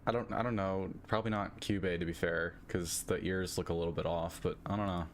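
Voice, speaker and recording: Very deep-voiced woman streamer, laughing. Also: fairly even intonation, brisk, a little hiss or hum. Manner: laughs often, incredulous reactions. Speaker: streamer reading game stories. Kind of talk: casual live-stream commentary.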